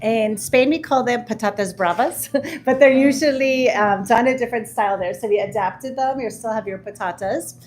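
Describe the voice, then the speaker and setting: A woman's voice: on the high side, normal speed, hardly any pauses, a little mellow. A woman, a restaurant owner and chef, explaining a menu to guests in a friendly way, with many hesitations.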